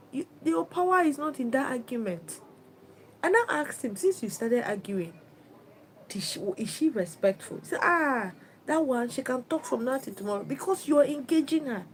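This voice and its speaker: A woman's voice: a little high, a little mellow, a little hiss or hum, low-quality recording. A woman giving relationship advice on a livestream. She talks in an emphatic, instructive way and often repeats herself.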